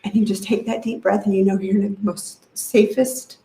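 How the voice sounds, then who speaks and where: A woman's voice: mid-range voice, level tone, moderate pace, gravelly, dark tone, roomy sound, low-quality recording. A woman sharing a personal story in an emotional, rambling way, with many fillers. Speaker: retreat guest sharing her experience.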